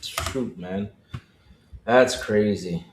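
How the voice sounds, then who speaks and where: A man co-hosting a casual gaming livestream podcast, talking to the chat, excitable and given to repeating his phrases. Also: lowish voice, drawn-out words, echoey room. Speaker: podcast co-host.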